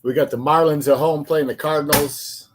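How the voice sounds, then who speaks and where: A man's voice: on the high side, steady tone, normal speed, background noise. A man co-hosting a casual sports podcast, laid-back and joking. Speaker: podcast co-host.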